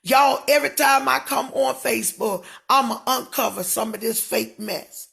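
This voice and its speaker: A middle-aged woman in a fiery live-stream rant with a preacher's cadence, swinging between shouting and dropping her voice low. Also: steady tone, moderate pace, creaky, hardly any pauses. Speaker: prophetess.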